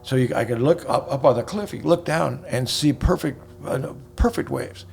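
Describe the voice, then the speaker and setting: A man's voice: medium pitch, moderate pace, vocal fry, darkish tone, faint music behind. A man in his seventies, a guest in a casual chat, telling rambling stories with many restarts. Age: 70s.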